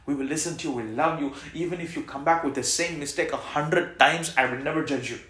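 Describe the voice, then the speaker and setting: A man preaching a sermon as pastor, calling out lines for the congregation to repeat and swinging between loud exhortation and soft reassurance. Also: on the high side, fast. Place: church hall. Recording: echoey church hall.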